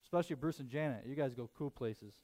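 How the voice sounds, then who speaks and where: A man in his thirties, a pastor telling a self-mocking story in a sermon, full of quick asides. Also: medium pitch, dark tone.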